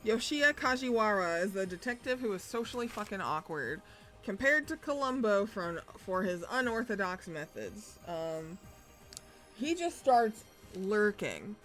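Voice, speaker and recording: A woman streamer talks through a recap in a loose, rambling way, cursing often and stopping for fillers. Her voice sits at an ordinary middle pitch, with faint music underneath. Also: a bit bright. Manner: profane, chatty, rambling with fillers. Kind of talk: casual story recap.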